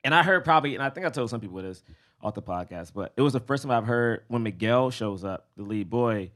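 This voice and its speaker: A man's voice: medium pitch, animated, fast, a bit bright. A young man co-hosting a podcast, chatting casually and animatedly, laughing often. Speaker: podcast co-host. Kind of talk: casual chat.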